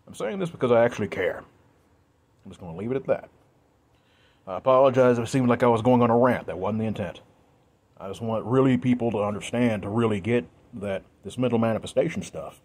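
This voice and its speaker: A man's voice: medium pitch, darkish tone, breathy edge. A man speaking to his viewers in an earnest, emphatic monologue, repeating himself and sounding emotional. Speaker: video creator.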